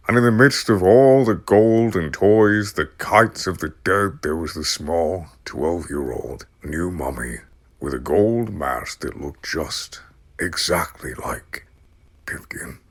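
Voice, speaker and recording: Deep, gravelly male audiobook narrator. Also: animated. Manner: slow, deliberate, dramatic reading. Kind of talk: dramatic storybook narration.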